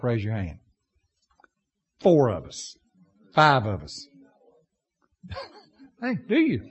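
A male pastor preaching a sermon, telling stories and swinging between loud bursts and low asides. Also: slightly rough.

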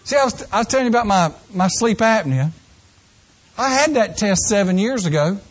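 An older man with a high-pitched voice delivers a folksy sermon. He slips into mock voices to act out people's excuses, then drops back into plain, earnest preaching. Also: animated, fairly quick.

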